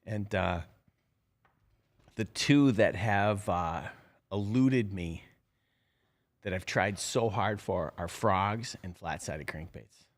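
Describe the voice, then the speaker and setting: A man's voice: low voice, takes it slowly, long pauses. A middle-aged man hosting a live show, talking casually in a rambling, chatty way full of fillers. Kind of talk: casual live-stream talk.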